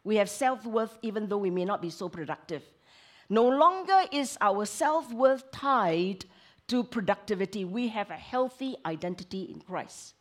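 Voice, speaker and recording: A woman who is a counselor, preaching a sermon in an expressive way, moving between emphatic lines and hushed asides. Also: medium pitch, a little slow.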